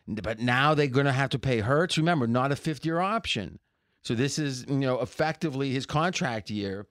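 A man's voice: medium pitch, lively intonation, normal speed, fairly bright tone, dry recording, studio quality. A man talking football as a guest analyst, arguing his points animatedly and restarting sentences as he thinks aloud. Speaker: sports betting analyst guest. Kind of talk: casual sports talk.

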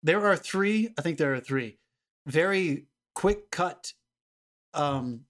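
A man's voice: on the high side, expressive, takes it slowly, fairly bright tone. A man co-hosting a film podcast, talking emphatically and swearing as he voices his frustration with a film. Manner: emphatic, exasperated, swears often. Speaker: podcast co-host. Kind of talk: casual film-review chat.

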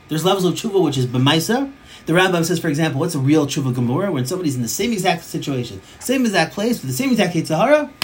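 A man's voice: a little high, slight background noise. A man teaching a Torah class as a rabbi, emphatic, often repeating phrases for stress and mixing in Hebrew and Yiddish terms.

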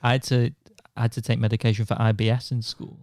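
A young man co-hosting a casual podcast, telling an animated story and slipping into silly voices. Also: medium pitch, quick pace, no room sound, studio quality. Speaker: podcast co-host. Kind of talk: casual chat.

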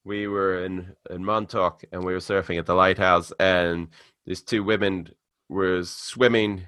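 A man with a low but bright, forceful tone recounts stories in a lively, casual manner. The recording is dry and close, with no room sound. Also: unhurried, dry recording. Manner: animated, laughs while telling stories. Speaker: podcast co-host. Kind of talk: casual storytelling.

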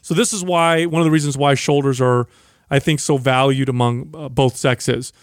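A man co-hosts a podcast in casual chat, explaining things matter-of-factly at normal speed. His mid-range voice is clean with fairly even intonation, and the studio-quality recording has no room sound.

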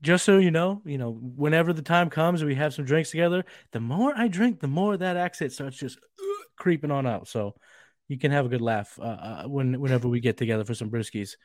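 A man's voice: medium pitch, expressive, a little fast, dry recording, studio quality. A man with a slight Boston accent co-hosting a fantasy football show, talking in a loose, bro-ish way and swearing for emphasis. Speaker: podcast co-host. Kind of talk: casual fantasy football draft talk. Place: outdoors, getting dark.

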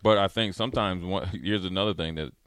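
A man hosting a casual sports talk show, talking at length in a relaxed way with many fillers and restarts. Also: low voice, brisk.

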